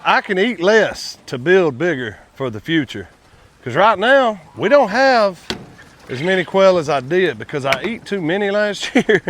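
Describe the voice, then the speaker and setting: A quail farmer hosting his own channel vlogs casually outside by his quail pens, his voice high and lively. He's folksy and chatty, calls his viewers "y'all," and there's a bit of outdoor noise.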